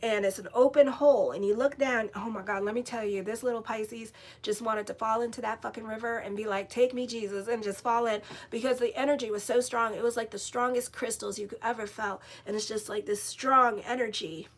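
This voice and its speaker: A woman astrologer telling a story in a casual, animated way, blunt and swearing freely as she rambles. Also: on the high side, brisk, few pauses. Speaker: astrologer and tarot reader.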